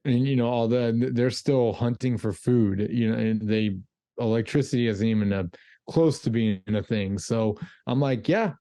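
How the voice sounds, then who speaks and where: A man's voice: medium pitch, moderate pace, warm tone, no room sound. A man co-hosting a casual movie podcast, answering in an easygoing way with short, filler-laced replies. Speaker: podcast co-host.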